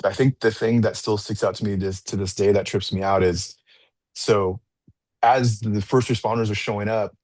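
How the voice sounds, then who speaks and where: A man's voice: fairly low pitch, steady tone, normal speed, darkish tone, no room sound. A man, a track coach and podcast guest, telling a personal story in a rambling, casual way, full of restarts and "like" and acting out the people he quotes.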